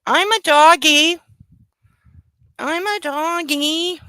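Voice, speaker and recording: A woman's voice: very high-pitched, very slow, pushed and bright, no echo, voice pushed up, exaggerated voice. A woman voicing her sulky little puppy with a whiny, complaining baby voice.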